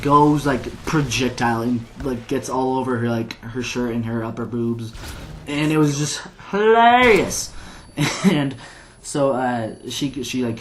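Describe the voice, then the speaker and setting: This medium-pitched man narrates gameplay while drifting through a long, casual story stuffed with "like." Now and then he chuckles at his own anecdote, with slight hiss or hum audible.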